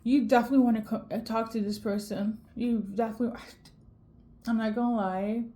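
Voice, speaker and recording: Speaking fairly quickly in a high, mellow voice with fairly even intonation, a tarot reader delivers an intuitive reading to camera. She's tearful and emotional, frequently adding "okay?" to what she says.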